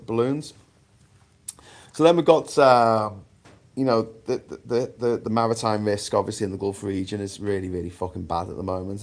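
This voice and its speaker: A man's voice: on the low side, gravelly. A man hosting a casual livestream chat, rambling and swearing freely. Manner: rambling, sweary, animated asides. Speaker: livestream host.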